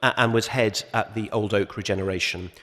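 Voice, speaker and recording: Male panel chair, wry and measured, recorded in a large reverberant hall. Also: fairly low pitch, steady tone, fairly bright tone. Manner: measured, wry, with many restarts and asides. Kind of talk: conference opening speech.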